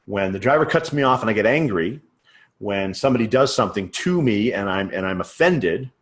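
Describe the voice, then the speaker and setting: A man with a fairly low voice leads a sales training lesson. He talks casually, thinks aloud and keeps asking "right?" to pull the listener along. His pitch sits a little below most men's. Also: expressive, fairly quick, a bit bright. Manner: conversational, checks in with frequent "right?"; thinks aloud, uses everyday examples. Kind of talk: teaching lecture.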